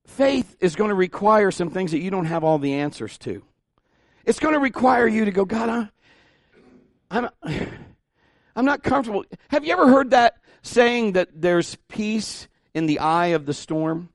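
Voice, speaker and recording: Speaking at a moderate pace, a pastor delivers an informal sermon with asides and restarts in a fairly high male voice. His pitch and loudness frequently rise when he gets animated, and the recording is dry, lacking room echo.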